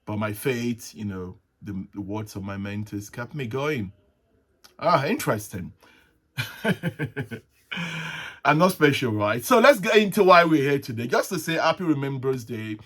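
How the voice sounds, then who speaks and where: A man hosting a casual solo talk show, rambling and halting, with frequent restarts and soft chuckles. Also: medium pitch, expressive. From Nigeria. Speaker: host. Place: at home, with tea.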